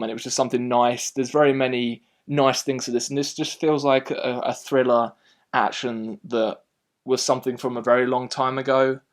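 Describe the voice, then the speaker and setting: A man with an ordinary mid-pitched voice hosts a casual film review, rambling animatedly and often restarting his sentences as he talks through his opinions.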